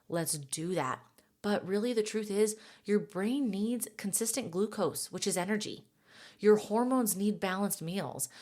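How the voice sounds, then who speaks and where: A woman's voice: medium pitch, a little mellow. A woman in her thirties hosting a podcast, coaching other moms in a casual, encouraging monologue and laughing at herself now and then. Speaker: podcast host and mom coach.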